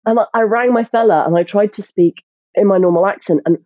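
Animated woman telling stories, dull dry sound. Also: mid-range voice, quick pace, no echo. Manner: animated storyteller, frequent restarts. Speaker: actress, podcast guest. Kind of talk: casual interview chat.

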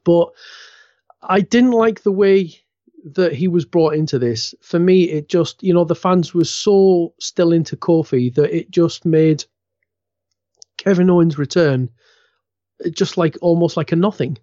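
A man's voice: a little high, measured pace, warm tone, dry recording. Chatty man, a bit muffled. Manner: chatty, stumbling restarts, laughs at his own jokes. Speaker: wrestling podcast co-host. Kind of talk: casual chat.

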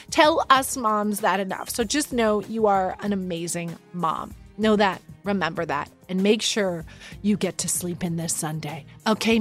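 A woman's voice: on the high side, a bit bright. A woman in her thirties hosting a podcast, chatting casually with playful, self-mocking humor. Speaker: podcast host. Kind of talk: casual chat.

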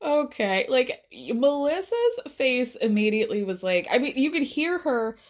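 A woman's voice: high voice, big pitch swings, normal speed. A woman hosting a podcast, chatting casually in a recap, full of likes, laughs and playful mock voices. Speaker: podcast host.

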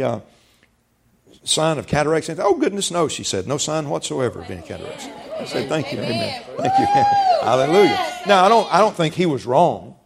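A man's voice: mid-range voice, creaky, breathy edge. A man preaching a sermon as pastor, folksy, repeating words and rising for emphasis.

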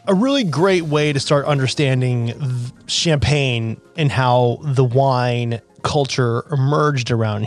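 A man's voice: mid-range voice, a little mellow, no echo. Chatty man hosting a wine podcast. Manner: chatty and self-deprecating, with asides and apologies. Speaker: podcast host. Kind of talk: casual educational podcast.

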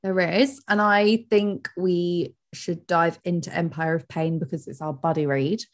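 A woman's voice: on the low side, measured pace. A woman co-hosting a book podcast, gushing and laughing in casual chat. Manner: excitable, gushing, laughs often. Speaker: podcast co-host.

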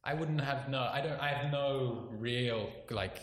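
A man's voice: mid-range voice, a crowd in the background. Rambling South African man in his twenties. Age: 20s. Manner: rambling, filler-heavy, quick to laugh. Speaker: comedian guest. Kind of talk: casual podcast chat. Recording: echoey room, faint background noise.

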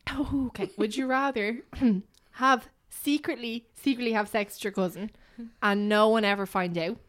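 A woman's voice: fairly high pitch, normal speed, fairly bright tone. A woman hosting a casual podcast chat, reading out questions with frequent giggles and rambling restarts. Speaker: podcast host.

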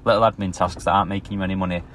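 A man's voice: low-pitched, fairly even intonation, rapid-fire. A man hosting a podcast, telling a rambling anecdote in a casual monologue with frequent restarts. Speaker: podcast host. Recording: loud traffic noise outdoors.

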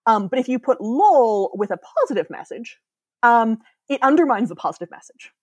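Woman, podcast guest author, quick talky explainer, dry recording. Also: on the high side, big pitch swings, no room sound. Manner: explanatory, quick, many fillers and laughs. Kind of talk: casual podcast chat.

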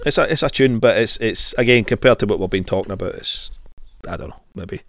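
A man's voice: fairly low pitch, brisk, no room sound. A man with a Scottish accent co-hosting a music podcast, chatty and sweary in casual talk. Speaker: podcast co-host. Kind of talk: casual chat about music.

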